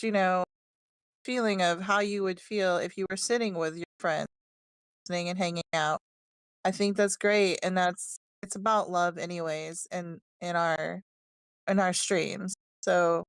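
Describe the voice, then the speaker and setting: A woman co-hosting a casual panel chat, gently encouraging and giving advice. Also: fairly low pitch, steady tone, unhurried, smooth, no room sound. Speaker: co-host.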